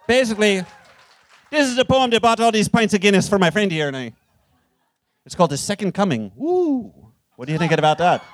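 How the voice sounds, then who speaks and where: A cheeky, grandiose Irish poet, played by a man on a live comedy stage, with an Irish accent and a slightly high voice. He boasts and jokes, then drops into heavy, ponderous declaiming. The sound is close and dry. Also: sing-song, brisk, no room sound. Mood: jovial, boastful. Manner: jovial boasting, ponderous solemn recitation. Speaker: guest. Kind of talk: live comedic character performance.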